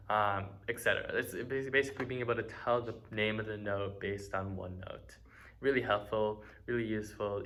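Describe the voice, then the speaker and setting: A man's voice: on the low side, pushed and bright. An eighteen-year-old man giving a casual, friendly violin lesson, with many ums and uhs. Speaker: student violin teacher.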